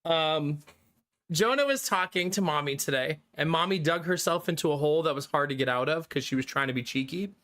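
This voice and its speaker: A streamer in his thirties jokes casually with his viewers, talking to chat and often dissolving into giggles. His voice is on the high side, a bit bright, and a little fast.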